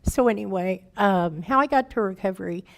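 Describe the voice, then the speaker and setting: A woman's voice: medium pitch, fairly quick, vocal fry. A woman in her fifties, a guest speaker telling her recovery story in candid, plain-spoken, folksy words, emotional and raw. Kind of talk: personal recovery testimony.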